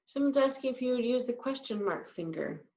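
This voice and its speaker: A woman with a slightly high, darkish voice teaches sign language in an animated, brisk way, though the instruction itself is slow and patient, covering each sign step by step. The recording is roomy, dull, lo-fi, and distant.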